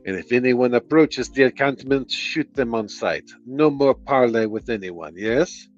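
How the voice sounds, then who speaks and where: A man's voice: medium pitch, unhurried, close to an everyday voice. A man voicing a smug, scheming male mercenary commander with a put-on French accent, giving cold orders. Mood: commanding. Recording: dull lo-fi audio, faint music.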